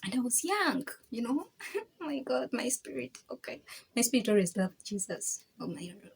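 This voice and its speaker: A young woman vlogger tells her story in a casual personal video, animated and laughing as she acts out other people's words. Her voice is fairly high, creaky and husky, at a moderate pace.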